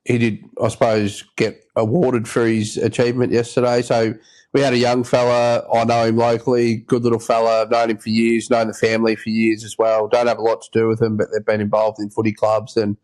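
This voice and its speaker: A man's voice: medium pitch, completely flat delivery, a little fast, darkish tone. Australian man spinning a rambling yarn. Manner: rambling yarn-spinner, acts out quoted voices. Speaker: podcast host. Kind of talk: casual storytelling chat.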